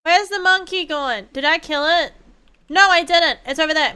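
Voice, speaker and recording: A young woman streams a game with a very high-pitched voice at normal speed. She chats casually and ramblingly, swearing freely and breaking into excited outbursts.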